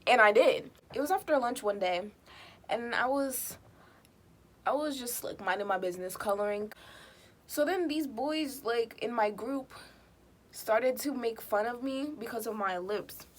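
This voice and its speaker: A woman with a high voice tells a story to the camera in loose, slangy talk. She is animated and lively, and she acts out the other people in her story. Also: measured pace, slight background noise. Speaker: storytime vlogger. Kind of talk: casual storytelling.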